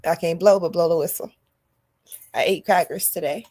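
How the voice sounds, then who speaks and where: A woman hosting a podcast, delivering a loud, animated comedic monologue to her listeners. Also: lowish voice, normal speed. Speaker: podcast host.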